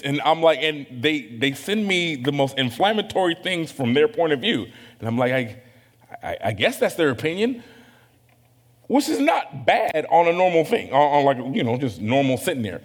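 Male pastor, easygoing conversational sermon, a touch high, long hall reverb. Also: normal speed. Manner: conversational, self-deprecating, animated asides.

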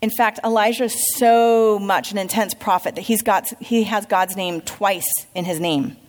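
A woman's voice: medium pitch, fairly even intonation, moderate pace. A woman teaching a Bible lesson, reading scripture aloud and telling it as a story while asking her class questions. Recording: long hall reverb.

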